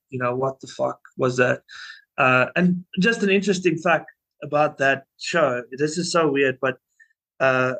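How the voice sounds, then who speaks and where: A man's voice: mid-range voice, fairly bright tone, rough recording. A young man, a band's vocalist, telling stories in a casual interview, full of restarts and fillers. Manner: rambling, many restarts and fillers. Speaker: band vocalist.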